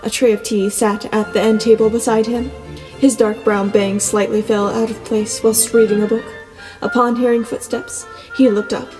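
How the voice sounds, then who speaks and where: Mellow, even-toned female narrator. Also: a little high, normal speed. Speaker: audiobook narrator. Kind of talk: scripted storybook narration. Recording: long reverb, soft music beneath.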